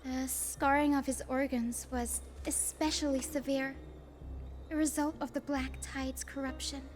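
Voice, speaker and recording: An actress voicing a gentle, earnest young woman healer with a British accent in a video game. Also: high-pitched. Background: game music.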